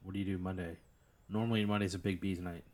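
A man with a somewhat low voice runs an improvised tabletop game. He rambles through the scene, stacking fillers and breaking into laughs as he goes. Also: fairly even intonation, fast, darkish tone. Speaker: game master. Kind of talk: narrating an improvised tabletop scenario.

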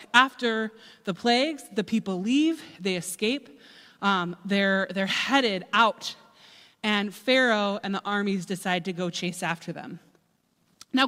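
A woman preacher retelling scripture as a casual, animated sermon, chatty and full of asides. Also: medium pitch. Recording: echoey hall.

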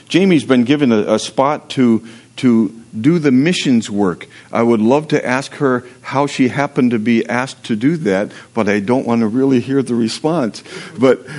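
Man, pastor, livestreamed sermon, mid-pitched voice, chatty and joking between scripture and prayer. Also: animated, moderate pace, a little mellow. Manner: reads scripture aloud then preaches conversationally, with prayer and humor.

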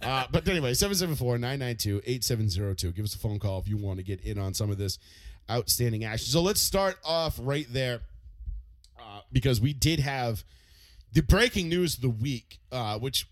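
A man co-hosting a casual podcast, talking fast and loose, swearing often and acting out other people's angry words. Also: medium pitch, no room sound. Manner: animated, swears a lot, acts out angry quotes. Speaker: podcast co-host. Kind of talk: casual profane chat.

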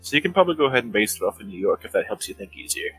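A man taking part in a tabletop game. His voice is low and husky, and he talks in an easy, relaxed way. Faint music plays behind him. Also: very fast, rough recording. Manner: easygoing, asks open questions. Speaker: player. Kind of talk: tabletop role-play chat.

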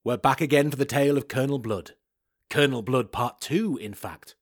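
A man co-hosting a comedy history podcast with wry, quick quips. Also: medium pitch. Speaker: co-host.

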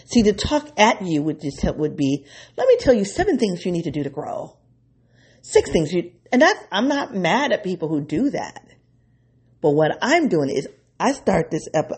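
A woman with a low, gravelly voice talks through an unscripted solo podcast episode. Her tone is dark and a little husky, and she rambles with excitement and laughs often. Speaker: podcast host.

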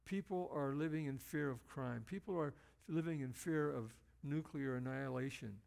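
A male preacher giving an earnest, emphatic sermon, slowing down to stress key phrases. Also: mid-range voice, vocal fry, darkish tone.

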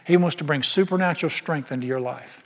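A man delivers a sermon, folksy and emphatic, throwing rhetorical questions at his listeners. His voice sits a little high for a man. Long reverb of a church sanctuary trails behind every phrase. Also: fast talker. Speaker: pastor. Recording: long reverb of a large hall.

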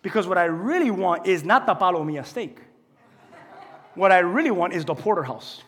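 A male pastor preaching a sermon in a church, asking the congregation questions and swinging between quiet teaching and loud, impassioned passages. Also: sits high, lively intonation, moderate pace, breathy edge. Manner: asks the congregation call-and-response questions. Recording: long hall reverb.

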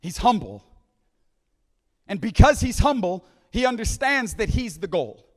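A man preaching a conference sermon, repeating phrases and asking "right?", dropping to a hush when he quotes scripture. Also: high-pitched, very animated, a little slow. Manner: repeats phrases, restarts, "right?" asides, drops to hushed quoting. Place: large conference hall. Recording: reverberant hall.

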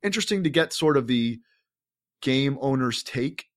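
A man's voice: mid-range voice, expressive, normal speed. A man co-hosting a podcast, telling an enthusiastic, rambling story in casual chat, full of fillers and restarts. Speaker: podcast co-host.

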